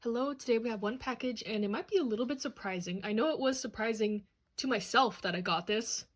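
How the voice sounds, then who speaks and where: A young woman with a slightly high voice hosts a casual unboxing vlog. She talks chattily and bubbles over with excitement, gushing about her favorite items. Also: fast talker. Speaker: channel host. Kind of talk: manga haul and unboxing vlog.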